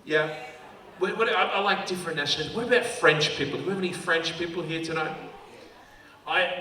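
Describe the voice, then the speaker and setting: A man's voice: a little high, bright, forceful tone. An Australian man doing stand-up comedy, playfully teasing the audience and slipping into impressions. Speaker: comedian hosting an awards night. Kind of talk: stand-up comedy with crowd work. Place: large event hall with a live audience. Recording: echoey hall, distant mic, crowd noise.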